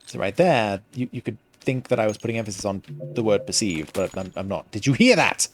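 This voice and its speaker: A man giving casual gameplay commentary into a headset, pausing often to find the next word. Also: fairly low pitch, animated, slight background noise. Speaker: gaming streamer.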